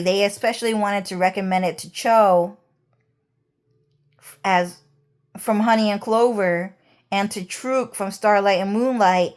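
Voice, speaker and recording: A woman's voice: medium pitch, clear, resonant tone. A woman vlogger talking in a rambling, heated monologue, swearing often.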